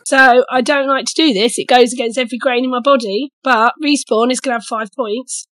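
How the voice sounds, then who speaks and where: A woman's voice: on the high side, fairly even intonation, brisk, fairly bright tone, no room sound. A woman judging a comedy game show on a podcast, teasing and mock-stern as she hands out points. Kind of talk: casual chat.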